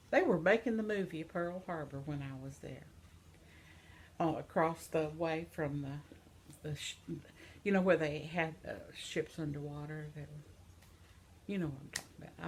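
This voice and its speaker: An older woman talks to her viewers from home in a slow, rambling, reminiscing way. Her voice is low and gravelly, and it sometimes drops to a whisper. A faint hiss sits under the recording. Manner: reminiscing, soft-spoken, trails off into whispers; affectionate sign-off to viewers. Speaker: vlogger. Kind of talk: casual vlog monologue.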